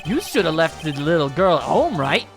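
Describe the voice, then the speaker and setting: A woman voicing a loud, bullying male mob boss with a gruff, roaring delivery in a video game playthrough. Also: low voice, sing-song, moderate pace, music in the background. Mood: gloating.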